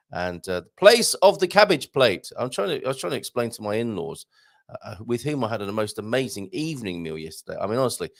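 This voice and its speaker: Chatty gravelly male stream host. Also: fairly low pitch, dry recording, studio quality. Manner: chatty, rambling, many fillers and asides. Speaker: livestream show host. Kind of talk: casual live-stream chat.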